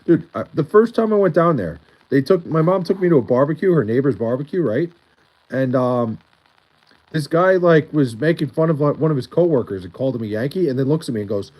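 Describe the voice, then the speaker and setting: A man's voice: fairly high pitch, lively intonation, brisk, darkish tone, rough recording. Brief: male streamer, Long Island accent, loose rambling chat with lots of filler and restarts. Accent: Long Island New York. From Long Island, New York. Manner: rambling, heavy use of "like" and restarts. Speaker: livestreamer. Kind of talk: casual livestream chat, reading chat aloud.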